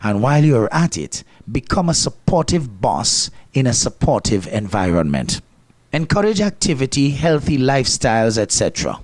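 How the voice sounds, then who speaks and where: A man's voice: medium pitch, darkish tone, no echo. A man with a Grenadian accent hosting a program, delivering scripted commentary with a wry, lightly sarcastic edge. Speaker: host.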